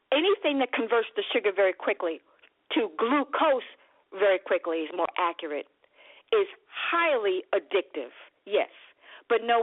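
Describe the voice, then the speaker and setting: A woman's voice: medium pitch, no room sound. A woman nutrition coach preaching with passion on a radio program, calling her listeners beloved and getting worked up. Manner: impassioned, animated, addresses listeners as beloved. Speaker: nutrition coach and broadcast host. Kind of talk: preaching-style health talk. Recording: dry, phone-like radio broadcast.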